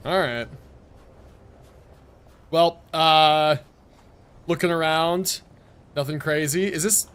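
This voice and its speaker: A man's voice: on the high side, fairly even intonation, slow pace, pauses often, a bit bright, clear, resonant tone. A man live-streaming a video game, joking and rambling through casual commentary with plenty of swearing. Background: game music.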